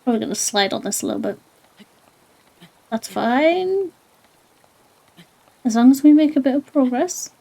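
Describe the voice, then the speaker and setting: High-voiced woman streaming a game. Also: expressive, moderate pace, creaky, pauses often, warm tone. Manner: playful, laughs often, apologizes in mock panic. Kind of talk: casual gaming commentary.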